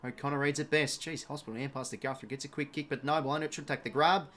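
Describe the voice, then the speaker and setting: Young Australian man, slightly high voice, live watch-along caller, excitable and sweary. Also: fast talker. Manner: excitable, shouts at big moments, swears; chatty asides and thanks to viewers. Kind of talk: live fan commentary.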